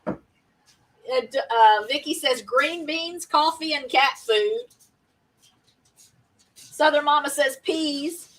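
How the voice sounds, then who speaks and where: A woman's voice: high voice, extremely slow, long pauses, fairly bright tone, distant mic, low-quality recording. A woman hosting a casual live-stream party game, chatty and laughing often as she reads out viewer comments.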